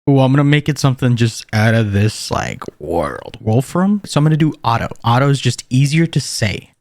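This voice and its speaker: Excitable man with a lively voice. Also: mid-range voice, moderate pace, no room sound. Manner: goofy, excitable, big emotional swings. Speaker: gaming YouTuber. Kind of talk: excitable let's-play commentary.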